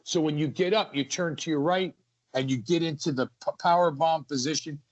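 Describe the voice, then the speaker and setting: A man, a wrestler, telling stories from the ring as a guest in an energetic, animated way. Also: on the high side, a little fast. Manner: energetic, acts out ring action. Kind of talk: animated storytelling. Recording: lo-fi muffled audio.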